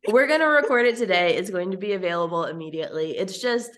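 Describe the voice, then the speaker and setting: A woman from Texas co-hosting a podcast in casual chat, animated and quick to laugh. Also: on the low side. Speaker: podcast co-host.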